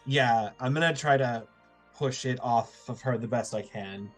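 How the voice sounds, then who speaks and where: A man's voice: medium pitch, measured pace, soft background music. A man playing in a tabletop role-play game, describing his moves hesitantly and with many fillers. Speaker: player.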